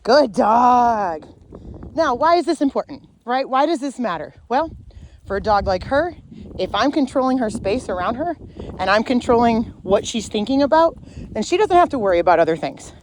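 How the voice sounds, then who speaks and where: A woman's voice: on the high side, big pitch swings, a little fast, darkish tone, slight background noise. A woman dog trainer walking a dog outdoors, explaining each step of her method to viewers and stopping to praise the dog. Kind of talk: instructional demonstration while walking a dog.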